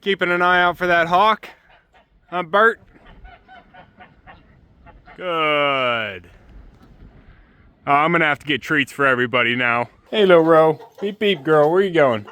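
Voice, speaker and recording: A man's voice: a little high, a little fast, pushed and bright, smooth. A man doing farm chores on his homestead, talking casually to the camera and fondly to his chickens and ducks. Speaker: homesteader vlogger. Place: outdoors on a homestead with poultry.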